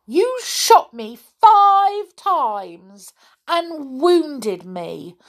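A woman's voice: sing-song, very slow, full character voice. A woman voicing a naughty big girl doll who shrieks and wails melodramatically. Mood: wailing. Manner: shrill, wailing, melodramatic.

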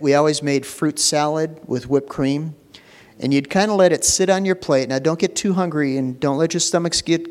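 A middle-aged man preaching a sermon as a pastor, telling folksy stories and repeating phrases for emphasis. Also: fairly high pitch. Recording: long hall reverb.

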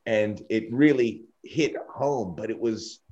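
Low-voiced middle-aged man telling stories. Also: slow, breathy edge. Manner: animated anecdotes, acting out quoted dialogue. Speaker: sports broadcaster, podcast guest. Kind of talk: candid interview storytelling. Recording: dull lo-fi audio.

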